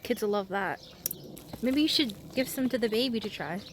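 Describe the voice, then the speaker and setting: A woman's voice: on the high side, normal speed, a little hiss or hum. A woman speaking off camera in a garden, making dry, practical remarks. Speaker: off-camera companion. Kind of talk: casual remarks.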